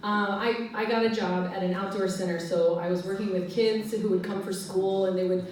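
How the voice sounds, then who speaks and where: A woman in her forties with an American accent, telling stand-up stories in a chatty, giggly way and acting out quotes in high voices. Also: steady tone, moderate pace, a little mellow, a little hiss or hum. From United States. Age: 40s. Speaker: stand-up comedian. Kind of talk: stand-up storytelling. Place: live room with audience. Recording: distant mic in echoey room.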